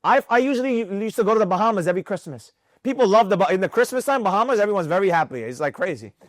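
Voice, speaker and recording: High-voiced, preachy male trading mentor. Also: racing, no room sound. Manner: animated, preachy, repeats himself for emphasis. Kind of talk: live mentorship class talk. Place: room with students present.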